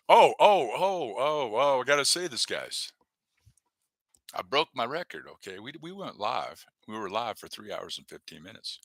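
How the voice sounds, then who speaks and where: A man's voice: medium pitch, big pitch swings, moderate pace, fairly bright tone, no echo. A man hosting a live stream, rambling and joking casually as he talks to viewers in the chat by name. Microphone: desk webcam setup.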